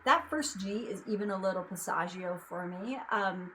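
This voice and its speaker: Woman, young adult, singing teacher, casual rambling explanations, middle pitch. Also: steady tone, normal speed, fairly bright tone, a little hiss or hum, rough recording. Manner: chatty, loose explanations with many fillers and asides. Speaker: vocal coach.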